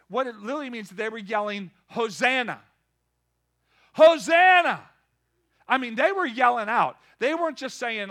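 A man preaching a lively sermon, calling out to the congregation and building to shouts. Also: high-pitched. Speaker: pastor.

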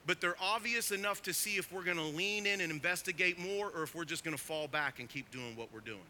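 A man preaching a sermon as pastor, emphatic, swinging from quiet asides to loud, urgent stresses. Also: fairly high pitch, fairly quick, hardly any pauses, a little hiss or hum.

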